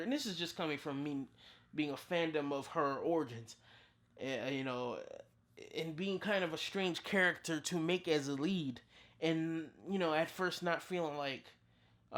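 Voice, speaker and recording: Picture a chatty movie reviewer in their thirties talking straight to camera. Their voice sits in an ordinary middle range and leaps suddenly upward when they get worked up. They keep doubling back, stumbling over words and starting over mid-thought. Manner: excitable, with big pitch jumps and frequent restarts. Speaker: movie reviewer, channel host. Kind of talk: casual spoken film review.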